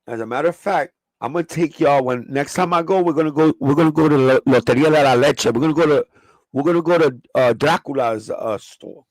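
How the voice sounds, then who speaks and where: A man's voice: a little high, fairly quick, dry recording, low-quality recording. A man hosting a casual livestream, chatting in a slangy, profane, easygoing way and laughing often. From New York. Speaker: sneaker livestream host.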